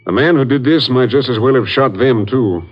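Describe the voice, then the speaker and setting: A man's voice: mid-range voice, a little fast, husky, natural voice. A man playing a grave, matter-of-fact ranger captain in 1950s radio drama acting. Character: grim middle-aged male ranger captain. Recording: muffled old radio broadcast.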